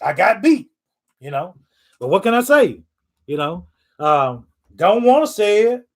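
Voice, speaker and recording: A sports fan vlogger rants in a live stream reaction, rambling, repeating himself and swearing often, frustrated but accepting. His high-pitched voice is very animated yet measured in pace, and the audio is poor.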